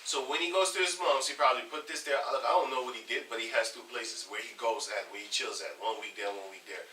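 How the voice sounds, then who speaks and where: A man's voice: medium pitch, quick pace. A man telling stories in a casual group chat as its leader, acting out other people's lines as he goes. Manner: animated storytelling, acts out others' lines. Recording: echoey room from far off, faint noise.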